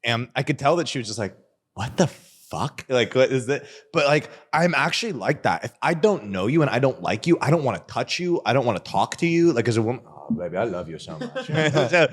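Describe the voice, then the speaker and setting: A man's voice: mid-range voice, very animated, fast talker, hardly any pauses, husky. A young man guest on a podcast, telling crude stories in casual chat and joking and laughing as he goes.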